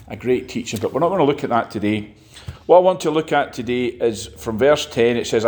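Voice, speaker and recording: A man preaching a sermon, halting and restarting often and asking the congregation rhetorical questions. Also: a little high, reverberant. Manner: halting, with frequent fillers and restarts.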